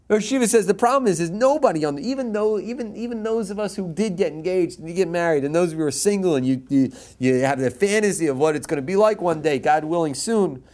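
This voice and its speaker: Animated man giving an emphatic Torah lecture. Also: on the high side. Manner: emphatic, repeats key phrases, mixes in Hebrew quotes; passionate and jokey. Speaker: rabbi teaching a class. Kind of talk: Torah lecture to a live audience.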